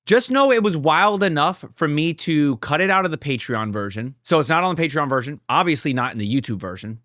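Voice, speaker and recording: A man's voice: no echo, studio quality. Young man swearing through a heated reaction. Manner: profane, heated and emphatic, swings between loud outbursts and low muttering. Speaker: reaction video creator. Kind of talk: casual reaction commentary.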